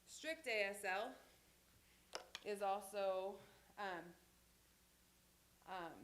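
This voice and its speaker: A woman's voice: medium pitch, a little slow, pauses often, fairly bright tone, slight background noise. A woman teaching a sign language class in a church classroom, talking casually with many fillers and restarts.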